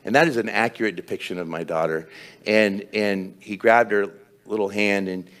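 A man with a fairly low voice preaching a sermon, telling a personal story with humor and self-deprecation. His delivery is conversational, with restarts and asides. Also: fairly even intonation, moderate pace, fairly bright tone. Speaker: pastor.

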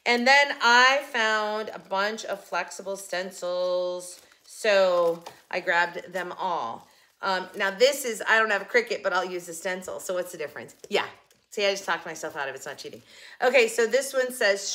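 A woman's voice: medium pitch, bright, forceful tone. An older woman chatting casually to camera about her shopping haul, giggling and joking with someone off camera. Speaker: haul vlogger.

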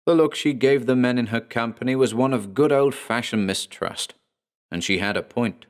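A man narrating a horror story in a measured, dramatic storytelling manner. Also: mid-range voice.

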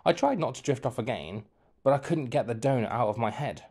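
A man, a teacher, reading a children's novel aloud in an expressive, playful storytelling manner. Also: medium pitch, fairly quick, slightly rough. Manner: expressive, playful, shifts voice for quotes. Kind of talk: storybook narration.

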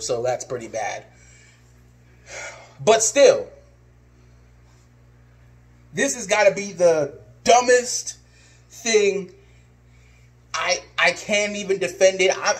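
Male vlogger, high-pitched, angry exasperated rant, repetitive insults. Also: animated, unhurried, long pauses. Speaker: sports fan vlogger. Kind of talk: ranting vlog.

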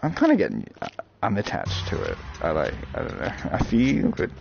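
A man from Australia, rambling through jokey live commentary while playing a VR game, breaking into loud yelps. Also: low-pitched, huge pitch swings, a little fast, vocal fry, background noise. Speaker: VR game streamer. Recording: dull lo-fi audio with loud game music.

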